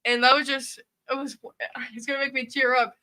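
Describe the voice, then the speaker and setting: A young woman co-hosts a casual livestream, her high voice carrying the story. She talks in an emotional, rambling way, full of little asides. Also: level tone, brisk, bright, forceful tone. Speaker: co-host.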